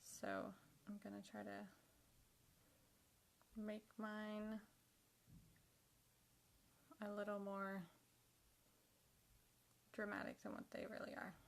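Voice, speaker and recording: A woman's voice: mid-range voice, completely flat delivery, takes it slowly, vocal fry, long pauses, slight background noise. A young woman chatting casually to herself while doing her makeup for a vlog, sometimes dropping to a half-whisper. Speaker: makeup vlogger.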